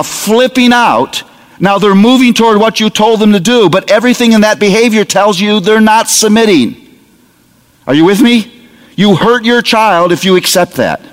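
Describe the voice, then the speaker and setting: A man preaching a sermon to parents, lively and humorous, acting out little scenes of talking to a child. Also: high voice, normal speed. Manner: animated, humorous, acts out parent dialogue. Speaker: pastor. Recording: long hall reverb.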